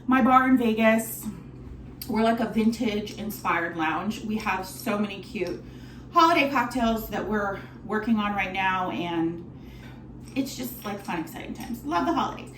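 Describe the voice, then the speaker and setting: Animated and a bit bright, a woman with a mid-range voice explains cocktails at a measured pace, with slight background noise. A lounge bartender, she's bubbly, chatty, and casually profane, recording in the kitchen or bar area of her apartment with a roomy echo and music behind her.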